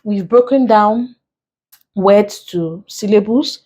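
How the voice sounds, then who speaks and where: A woman's voice: medium pitch, a little mellow. Nigerian woman teaching English stress. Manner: explains slowly, repeats key terms, counts syllables aloud. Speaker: English tutor. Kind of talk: exam prep lesson.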